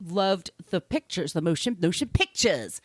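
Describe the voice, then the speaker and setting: Woman, middle-aged, lowish voice, dry close mic, casual profane storytelling, restarts mid-sentence. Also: very animated, normal speed, darkish tone, no echo. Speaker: podcast co-host telling the story.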